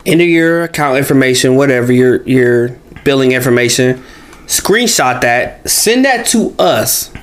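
A man's voice: mid-range voice, expressive, measured pace. A man co-hosting a podcast in casual chat, laid-back and slangy, often repeating phrases. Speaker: podcast co-host.

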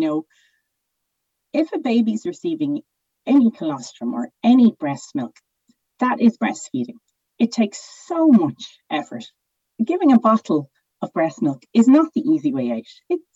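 A woman's voice: fairly high pitch, big pitch swings, moderate pace, pauses often, dark tone, husky, dry recording, lo-fi sound. A woman, speaking as a podcast panelist in an emotional, impassioned way and restarting her sentences. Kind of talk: casual podcast discussion.

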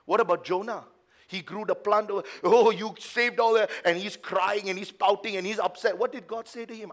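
A man preaching a sermon as pastor at a church service, swinging from hushed low asides to loud, emphatic passages and mocking the excuses of doubters. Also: fairly even intonation, normal speed. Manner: acts out the lines of doubters in a mocking tone.

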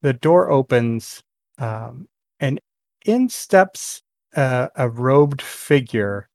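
A man's voice: medium pitch, lively intonation, very slow, a little mellow, dry recording, studio quality. A man narrating a tabletop game as game master, hesitant with many fillers and restarts.

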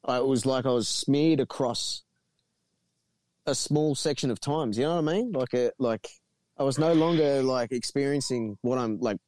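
A man in a loose podcast chat. He swears freely and rambles through his stories at a middling pitch, and his voice sits dry and close with no room sound. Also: normal speed, darkish tone, dry recording. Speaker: guest.

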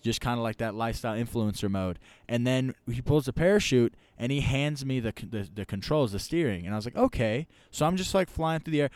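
Guy rambling through a skydiving-style story, smooth clear voice, dry close sound. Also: mid-range voice, fast talker, hardly any pauses, dry recording. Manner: animated, rambling, repeats "right?" and "like". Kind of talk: casual storytelling chat.

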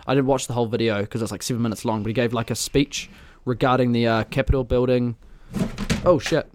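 A man's voice: medium pitch, fairly even intonation, fast, a little hiss or hum. A young man, co-hosting a podcast and rambling through casual chat. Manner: rambling, many fillers and restarts. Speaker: podcast co-host.

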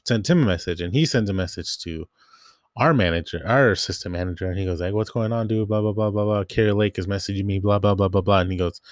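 Low-voiced young man ranting about work. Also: no echo, studio quality. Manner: rambling, quotes coworkers, frequent "like". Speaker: grocery store worker. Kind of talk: casual storytelling rant.

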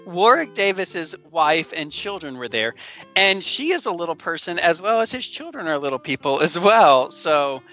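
A man co-hosting a podcast in easy, chatty conversation, laughing as he goes. His voice sits a little high and sounds bright. The recording is a touch dull. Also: sing-song, normal speed, faint music behind. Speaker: podcast co-host. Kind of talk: casual chat.

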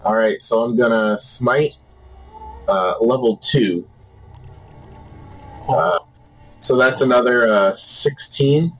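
A man's voice: mid-range voice, slow, pauses often, soft background music, poor audio. A man casually playing a tabletop game over voice chat, throwing in playful sound effects.

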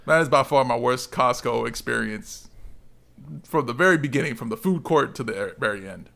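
A man co-hosting a casual podcast, telling a lively story and swearing freely. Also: medium pitch, fairly quick, creaky. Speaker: podcast co-host.

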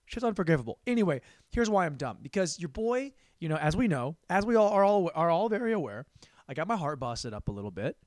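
Young guy doing a crude rambling comedy bit, voice jumps all over, kinda high, dry close sound. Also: big pitch swings, fast, dry recording. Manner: crude, rambling, repeats words for laughs.

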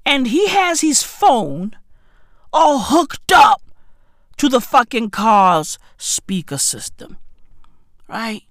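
Woman, South African accent, comic storytelling rant, profane, slow delivery, dry sound. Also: on the high side, no room sound. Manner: profane, animated, keeps asking "right?".

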